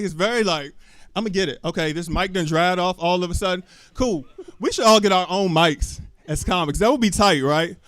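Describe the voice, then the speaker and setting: A man's voice: high voice, a bit bright, no echo. A man doing a live stand-up set on a club stage, talking loosely into a handheld mic, cussing freely and peppering the crowd with questions. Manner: loose, chatty, asks the crowd lots of questions, cusses freely. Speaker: stand-up comedian. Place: small comedy club stage.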